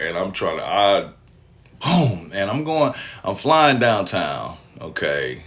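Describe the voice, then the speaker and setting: A young man, telling a personal story in casual, profane, animated style. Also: deep voice, takes it slowly. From Texas, US. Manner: animated, profane storytelling with acted-out quotes and laughs.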